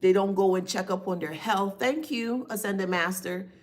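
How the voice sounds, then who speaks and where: This live-streamed spiritual reading comes from a woman of medium pitch speaking at a moderate pace. Her casual delivery is emphatic and repetitive, and she thanks viewers by reading their names out.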